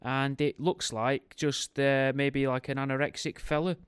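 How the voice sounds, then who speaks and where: A man reads from a book in a clear, smooth voice, regularly breaking off into dry, joking tangents before he returns to the text. His pitch sits in the middle range. The recording is close and dry, with almost no room sound. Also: level tone, unhurried, no echo. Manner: wry, goes off on tangents, makes jokey asides while reading. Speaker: podcast host. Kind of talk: reading a book aloud with joking asides.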